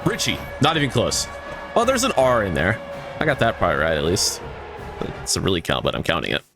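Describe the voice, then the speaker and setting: A man's voice: low voice, wildly swooping pitch, fairly quick, music in the background. Exasperated man ranting over gameplay. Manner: exasperated, swearing, ranting at the game. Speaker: gaming YouTuber. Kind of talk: casual gameplay commentary.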